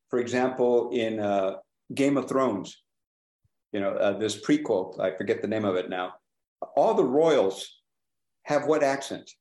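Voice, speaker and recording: Animated trial lawyer, echoey room. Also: male voice, mid-range voice. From California. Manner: animated, asks the room questions. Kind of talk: panel discussion.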